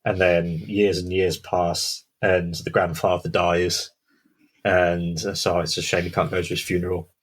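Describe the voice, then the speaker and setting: A man with a low, deep voice that has a husky edge. He tells a spooky tale in a casual way. He drops to a hush and pauses to build suspense. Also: level tone, low-quality recording. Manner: dramatic pauses, hushed build-ups. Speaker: podcast co-host. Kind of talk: casual storytelling.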